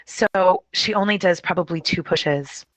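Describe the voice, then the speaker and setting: Middle-aged woman, doula telling a story to an audience, bright and a bit low, dry sound, emotional. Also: measured pace, dry recording. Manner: emotional, vivid retelling with acted-out quotes. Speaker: doula and consumer advocate. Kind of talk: personal storytelling in a presentation.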